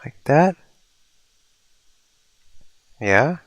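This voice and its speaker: A man's voice: mid-range voice, sing-song, extremely slow, a bit bright, no room sound. A man streaming a building game, musing and thinking aloud as he works, with playful mock-mystical asides. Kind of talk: casual livestream commentary.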